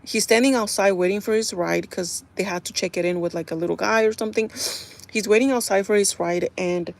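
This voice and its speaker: A woman live streamer in casual chat, retelling a TV episode in a chatty, animated way and laughing often. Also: mid-range voice, fairly quick, vocal fry. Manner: chatty and animated, full of "like" and "kinda".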